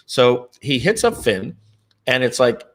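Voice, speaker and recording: A man in the middle of his usual pitch tells a business story in loose, casual talk. He clears his throat again and again and trips over repeated words. He also slips into other people's voices to act out what they said. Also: a little slow. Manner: animated, acts out the dialogue of others. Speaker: company co-founder on a live Q&A stream.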